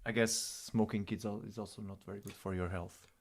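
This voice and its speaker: A man's voice: fairly low pitch, little pitch movement, fairly quick, gravelly. A man co-hosting a livestream concert, dropping dry, teasing asides in casual chat.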